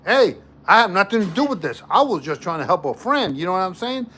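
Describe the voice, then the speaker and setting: A man chatting casually to a livestream audience, joking and circling back to the same points. His voice sits high for a man and swings widely up and down. The delivery is loose and conversational. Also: a little fast, husky. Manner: animated, joking, repeats himself. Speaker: livestream host. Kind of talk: casual storytelling to a live chat.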